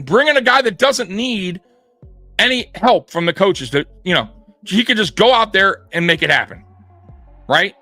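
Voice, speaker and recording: A man with a high, bright voice rants about football as a show host, blunt and profane. He sounds close and dry on the mic. Faint music plays underneath. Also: lively intonation, normal speed, no room sound. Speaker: sports podcast host. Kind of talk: heated sports rant.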